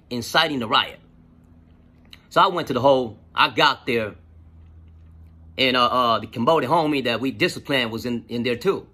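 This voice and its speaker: A man telling a personal story in a profane, animated, casual way, with lots of fillers. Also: medium pitch, husky.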